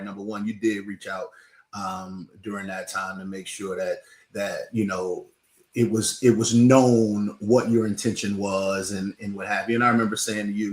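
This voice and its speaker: Animated, teasing man in a roomy echo. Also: lowish voice. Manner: animated, teasing, repeats himself. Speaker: guest, political candidate. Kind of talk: casual chat.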